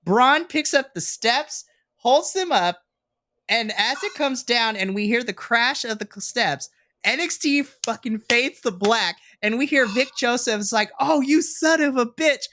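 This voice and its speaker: Young male podcast co-host, excitable recapper, crisp bright tone, dry close sound. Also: very high-pitched, a little slow, no echo. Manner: excitable storyteller, swears, acts out reactions. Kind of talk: casual wrestling recap.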